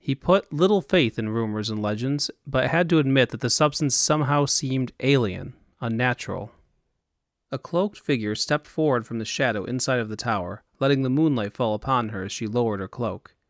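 A man reading scripted fantasy narration in a measured, even storytelling manner. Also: mid-range voice, dry recording, studio quality. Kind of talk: audiobook narration.

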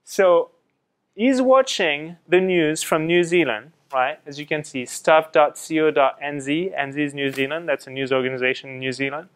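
A man's voice: fairly high pitch, moderate pace, clean tone. A middle-aged man from France telling students a story in a classroom, asking them questions and acting out what others said, through a slightly fuzzy mic. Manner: lively storytelling, quotes others in acted asides. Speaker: guest speaker presenting to students.

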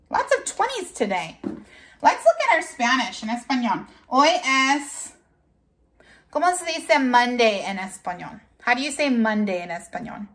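Woman teacher, bright higher voice, unhurried and patient, repeats words for young learners. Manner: slow, clear, drawn-out classroom delivery; switches into Spanish for the date. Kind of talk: online class lesson.

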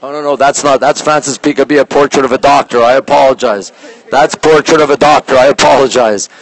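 A man hosting a casual live stream from a phone as he walks through an art museum, reading out artwork titles slowly and greeting viewers by name, sometimes dropping his voice low. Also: steady tone, dry recording. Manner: talks low at times to keep quiet. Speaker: livestream host touring a museum. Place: indoor art museum gallery.

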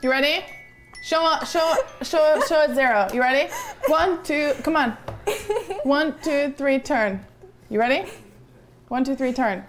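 Woman streamer, somewhat high voice, loud and profane casual chat, home room. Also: unhurried, long pauses, noisy background. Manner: loud, swears and laughs often. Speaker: co-host of a livestream. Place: indoor home room with a fireplace.

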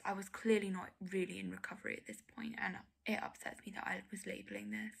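A woman's voice: medium pitch, creaky, breathy edge. A young woman giving candid, self-critical reaction commentary as a vlogger, often dropping to a near whisper.

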